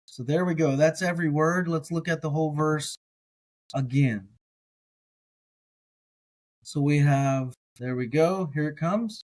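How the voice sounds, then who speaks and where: Slow, patient man reading word by word. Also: on the high side, darkish tone. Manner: patient, repeats words slowly. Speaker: biblical language teacher.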